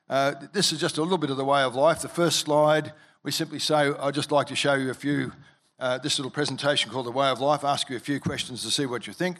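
A male pastor preaching a sermon, telling a story with frequent restarts and fillers, and rising in pitch and loudness when excited. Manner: lively, rises in pitch and volume when excited.

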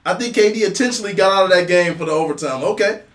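A man's voice: high voice, expressive, very fast, a bit bright, echoey room. A man in a casual sports debate, telling it insistently and swearing freely.

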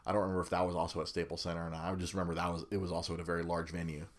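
A young man with a lowish voice talks casually to his viewers. He rambles with lots of restarts and laughs. He sounds like a tired new dad telling the story of his week. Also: monotone, rapid-fire. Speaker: vlogger and new father.

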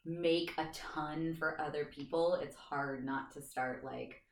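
A woman guest and voice actor, chatting in an easygoing way, quick to laugh, with frequent "um"s. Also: low voice, fairly even intonation. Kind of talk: casual chat. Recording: distant echoey mic with faint noise.

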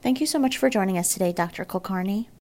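A woman moderating a medical podcast, reading her introduction in a polished, clear way. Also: mid-range voice, quick pace, darkish tone. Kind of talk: scripted interview hosting.

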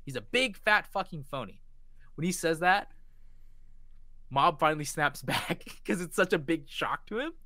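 Bright, excitable man gushing on a podcast. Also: fairly high pitch, normal speed, long pauses, no echo. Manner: excited storytelling with heavy swearing. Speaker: podcast co-host. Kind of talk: casual chat.

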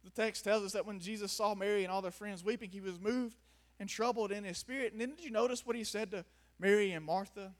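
A man with a high voice delivers an impassioned sermon to a gathered audience. He drops to quiet, reflective lines, then climbs to raised, almost shouted pleading. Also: fairly even intonation, quick pace. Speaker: preacher. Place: before a gathered audience in a room.

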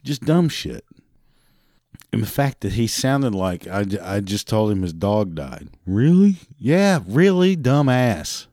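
A parts counter worker with a fairly low, slightly mellow voice rants profanely at a measured pace about customer service calls, mimicking the callers while drinking beer. The monologue is recorded with clean studio sound and no echo.

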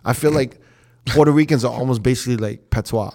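A man's voice: medium pitch, fast talker, creaky, dark tone. A man hosting a casual podcast chat, asking curious, eager questions.

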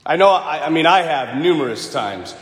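Priest type, man, lively pitch, throat-clearing storyteller, roomy church sound. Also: normal speed. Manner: animated, joking storyteller. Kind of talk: homily. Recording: echoey hall with long reverb.

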